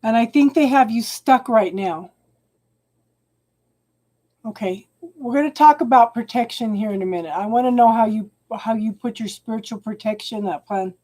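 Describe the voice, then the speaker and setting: A tarot reader streams a live reading in a voice that's a little high and a little mellow. She keeps stopping, restarting her phrases, and calling her viewers hun.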